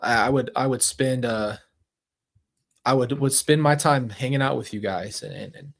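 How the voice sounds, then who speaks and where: A man's voice: medium pitch, normal speed. A man hosting a livestream, speaking to his viewers in casual, heartfelt chat and often repeating himself. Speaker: livestream host.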